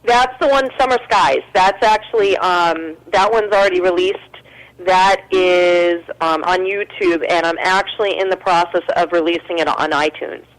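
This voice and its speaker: A woman's voice: on the low side, steady tone, normal speed, poor audio. An American woman talking as a guest musician in a casual chat, earnest and full of fillers and restarts. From United States.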